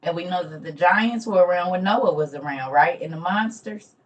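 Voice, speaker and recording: A woman's voice: on the low side, moderate pace, muffled recording. A middle-aged woman, chatting casually with viewers on a morning livestream from home, calling them y'all. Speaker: livestream host. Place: home room.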